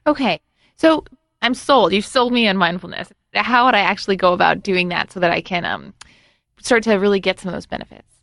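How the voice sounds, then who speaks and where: A woman's voice: medium pitch, a little fast, creaky, a bit bright, dry recording, clean studio sound. A woman interviewing a guest, asking questions in an upbeat way.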